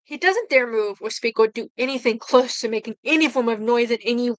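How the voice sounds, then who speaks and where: A woman reads fan fiction aloud in her bedroom, earnest and now and then tripping over her words. Her voice is fairly high and the sound is dry and close. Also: a little fast, no room sound, poor audio. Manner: earnest, with stumbles and repeated words. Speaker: story reader. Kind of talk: dramatic fan fiction reading. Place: bedroom at home.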